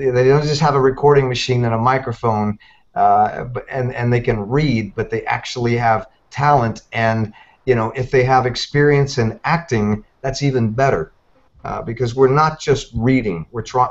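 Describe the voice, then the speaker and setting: A man speaks casually as an interview guest, starting and restarting his thoughts with plenty of fillers. His voice sits at a middle pitch. The call sound is muffled and lo-fi. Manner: hesitant, many fillers and restarts. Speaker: audiobook narrator guest.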